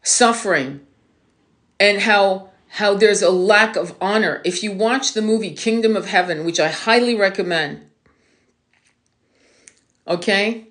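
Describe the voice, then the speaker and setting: A woman's voice: mid-range voice, measured pace, long pauses, fairly bright tone. A woman hosting a livestream, speaking in an impassioned, preachy monologue, outraged and swearing, often repeating herself. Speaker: tarot reader hosting a livestream.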